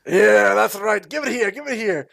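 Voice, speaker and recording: A man's voice: sits high, normal speed, vocal fry, a bit bright, no room sound, studio quality, pitched above the performer's own voice, heavily acted. A man voicing a cheery, boisterous male dwarf repairman in a tabletop game. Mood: jovial. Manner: boisterous, jovial, calls people laddie.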